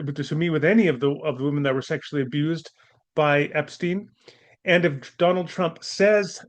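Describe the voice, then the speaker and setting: A man hosting an opinionated commentary monologue, talking in an indignant, scornful way and firing off rhetorical questions. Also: on the high side. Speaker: commentator and apologist host.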